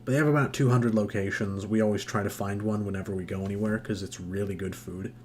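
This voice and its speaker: A man's voice: lowish voice, steady tone, quick pace, darkish tone. A man from the United States chats loosely on a stream. He jokes crudely and laughs often. A faint hum runs under his voice. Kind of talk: casual chat.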